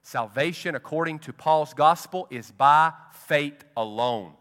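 A male pastor preaching a sermon slowly and emphatically, dropping to quiet for effect. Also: on the high side. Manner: slow, emphatic preaching with dramatic drops to quiet. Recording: long hall reverb.

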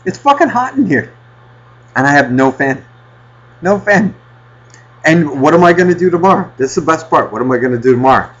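A male podcast host telling a profane, ranting story in casual chat with a husky voice. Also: a little high, animated, a little fast, muffled recording.

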